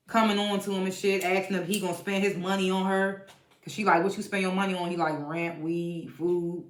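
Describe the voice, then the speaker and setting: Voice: medium pitch, flat delivery, brisk. Profane TV recapper in an echoey room. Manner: blunt, profane, laughs often while retelling. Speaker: TV show reviewer. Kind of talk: casual episode recap.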